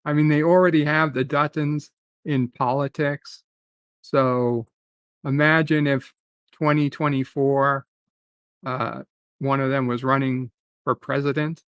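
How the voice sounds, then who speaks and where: A man's voice: medium pitch, level tone, measured pace, pauses often, fairly bright tone, clear, resonant tone, no echo. A man hosting a live stream, ranting in a rambling, profane way and answering chat comments.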